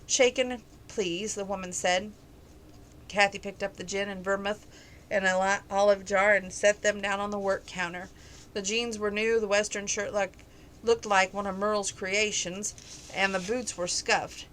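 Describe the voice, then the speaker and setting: Woman reader, casual novel read-aloud, bright tone, trips and corrects herself. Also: mid-range voice, flat delivery, moderate pace, slight background noise, poor audio. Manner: casual reading with slips and self-corrections.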